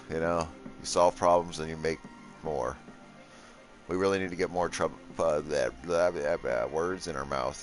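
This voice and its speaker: A man streaming gameplay live and joking sarcastically with his chat while he builds. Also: sits low.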